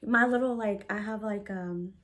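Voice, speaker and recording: Woman telling a storytime, animated and profane. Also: mid-range voice, moderate pace. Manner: animated, profane, heavy use of "like". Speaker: storytime vlogger. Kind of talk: casual storytime.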